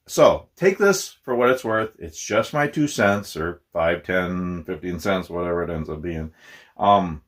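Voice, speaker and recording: A middle-aged man from Minnesota talking in a casual, rambling vlog, self-deprecating and laughing often. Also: low voice. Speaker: YouTuber.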